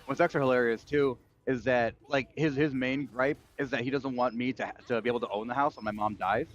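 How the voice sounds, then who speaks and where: A fast-talking man rants through a story on a livestream, swearing freely in loose casual chat. His voice comes through a dull, lo-fi mic. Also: medium pitch, steady tone, soft background music. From United States. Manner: profane ranting storytelling. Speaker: streamer.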